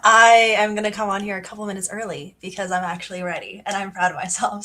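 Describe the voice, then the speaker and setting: A cheerful woman hosts a live book club stream from home. She chats casually, greets viewers one by one, and fills her pauses with ums. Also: mid-range voice, a bit bright. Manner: bubbly, greets commenters, many ums. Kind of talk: casual livestream chat. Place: home, sunny region of Canada.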